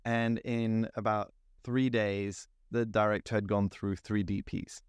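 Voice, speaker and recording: A young man from France, telling a lively story as a podcast guest, with many fillers and restarts. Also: fairly low pitch, a little slow, clear, resonant tone, no echo, studio quality. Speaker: guest, cinematographer. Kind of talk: casual storytelling interview.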